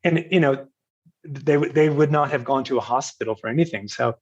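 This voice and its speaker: An older man from Virginia, here as a podcast guest, recounts a personal story in a loose, self-mocking way, chuckling at his own past. His voice sits at an ordinary middle pitch. The recording sounds a little dull and lo-fi. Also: a little fast. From Virginia, United States. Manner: anecdotal and self-mocking, quotes others, laughs at himself. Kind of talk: storytelling in a casual interview. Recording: slightly dull, lo-fi audio.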